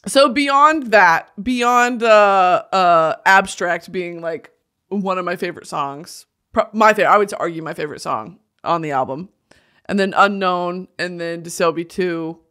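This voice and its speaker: A young woman hosting a podcast in casual chat, animated and gushing, laughing often and poking fun at herself. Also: fairly low pitch, unhurried. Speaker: podcast host.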